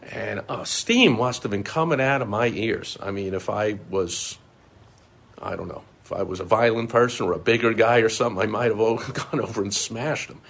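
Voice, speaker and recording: A middle-aged man and marketing consultant in a solo podcast monologue, telling stories in an animated way and acting out the voices of people he quotes. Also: lowish voice, normal speed, creaky.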